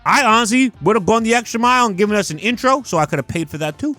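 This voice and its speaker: A man's voice: high-pitched, lively intonation, rapid-fire, pushed and bright, faint music behind. A young man hosting a casual video-game review, emphatic and swearing freely. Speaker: gaming video host.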